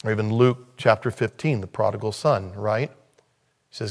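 A man preaching a sermon in a conversational way, with sudden loud, high-pitched bursts of emphasis. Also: unhurried. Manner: conversational, thinking aloud. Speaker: pastor.

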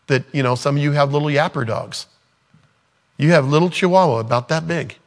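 Preaching casually and with plenty of sarcasm, this male pastor acts out the quotes he cites. He speaks briskly in a fairly high pitch.

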